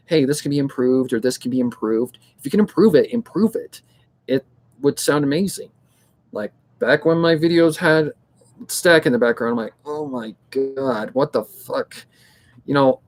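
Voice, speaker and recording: Blunt, rambling young-sounding man. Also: mid-range voice. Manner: rambling, blunt, swears freely; pep-talk tone, repeats himself. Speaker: fan audiobook narrator. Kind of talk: casual advice chat.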